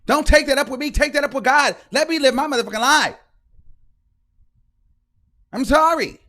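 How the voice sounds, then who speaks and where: A man's voice: very high-pitched, normal speed, sharp tone. A man hosting a livestream show, ranting heatedly with sarcasm, repetition and frequent swearing. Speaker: host.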